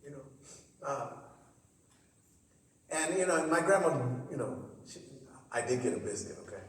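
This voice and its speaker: A man giving a personal storytelling speech at a forum, animated and full of repeated starts as he acts out the people in his tales. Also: on the high side, normal speed, slight background noise. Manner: animated, repetitive, acts out voices. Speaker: forum speaker. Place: college theater stage. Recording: echoey theater hall, distant mic.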